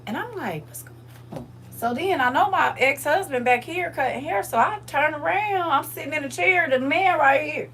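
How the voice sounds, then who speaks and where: A woman hosting a livestream, telling a story to her chat in a casual, animated and emphatic way. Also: high voice, moderate pace, few pauses, slight background noise. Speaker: livestream host.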